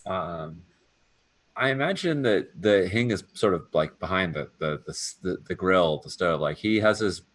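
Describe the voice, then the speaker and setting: A man with a low voice playing a tabletop role-playing game. He thinks aloud in halting phrases and often restarts. The sound is dry and close. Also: animated, a bit bright, no echo. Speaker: player.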